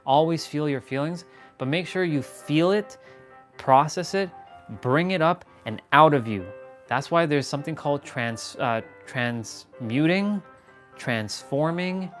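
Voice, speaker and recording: A man's voice: a little high, normal speed, fairly bright tone, faint music behind. A man hosting a casual motivational live stream while walking, blunt and emphatic, swearing freely. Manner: talks while walking on a step count.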